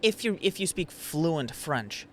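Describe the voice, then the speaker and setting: Co-host type: man, blunt, opinionated, lively pitch, slightly high voice, quick to laugh. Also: slight background noise. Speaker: podcast co-host. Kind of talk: casual chat.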